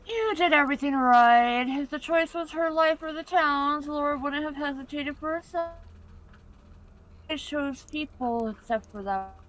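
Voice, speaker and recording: High lively woman on a game stream, casual, faint hiss behind. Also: normal speed, low-quality recording. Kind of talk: casual chat and reading game dialogue.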